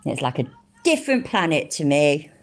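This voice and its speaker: A woman from the chats casually on a live stream, her voice low but lively in pitch. She is easily amused and laughs a lot as she talks. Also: moderate pace. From Middle England. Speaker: streamer reacting to videos and chat.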